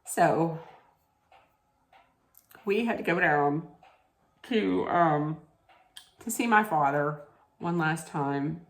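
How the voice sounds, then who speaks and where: A middle-aged woman chats casually, unhurried and full of fillers and restarts. Her voice sits a little low. The sound rings back from the room she's in. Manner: rambling, many fillers and restarts. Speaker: vlogger. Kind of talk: casual storytelling chat. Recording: echoey room.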